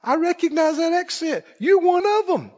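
A man's voice: very high-pitched, expressive, moderate pace, darkish tone, voice pushed up. A man preaching, voicing a male bystander who jabs out accusations, on a dull recording in an echoey hall. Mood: accusing. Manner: jabbing accusations.

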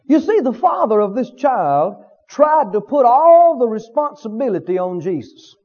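High-voiced, animated male preacher. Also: a little slow, slightly rough, dull audio. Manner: emphatic, asks the congregation questions. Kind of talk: sermon.

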